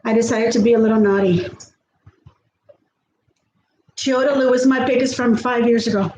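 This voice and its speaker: A woman's voice: fairly high pitch, steady tone, normal speed, mellow. A woman hosting a casual livestream, chatting with viewers and greeting them by name. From Texas. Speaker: livestream host. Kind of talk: casual livestream chat reading viewer comments. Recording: echoey room with faint background noise.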